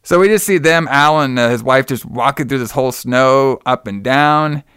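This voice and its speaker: Recapping a film for a casual podcast chat, this man rambles and swears while performing the characters' dialogue. His voice is medium-pitched, smooth and fairly bright, at a moderate pace. Clean studio sound, with no room sound.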